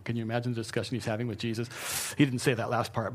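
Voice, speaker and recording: A male pastor giving a conversational sermon, acting out scripture voices and dropping to a hush at key points. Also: medium pitch, fast, hardly any pauses. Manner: conversational preaching, acts out quotes, drops to a hush for emphasis.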